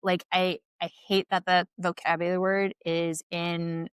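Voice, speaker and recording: A woman physician and podcast guest, chatting casually and telling patient stories in a lively way, often saying "like" and laughing. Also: fairly low pitch, measured pace, clean tone, no echo. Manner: animated storyteller, heavy use of "like", laughs often. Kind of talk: casual interview chat.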